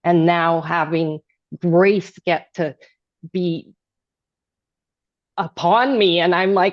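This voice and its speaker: A woman sharing a personal story in a casual group chat, rambling and restarting, now and then bursting into loud, animated remarks. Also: fairly low pitch, slow, long pauses, no echo, dull audio. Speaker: group participant.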